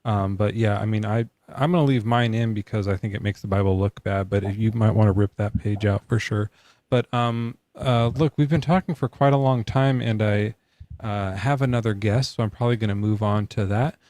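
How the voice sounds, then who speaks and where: A man's voice: lowish voice, fairly even intonation, a little fast, a little mellow, no echo. Rambling, joking man hosting a live debate. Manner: loose, rambling, joking, lots of likes and ums. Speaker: podcast host taking callers. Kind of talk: casual live debate chat.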